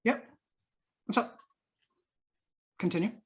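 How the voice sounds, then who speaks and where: A man's voice: slow pace, a bit bright. A young man co-hosting a podcast in casual chat, with a teasing, dry banter. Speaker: podcast co-host.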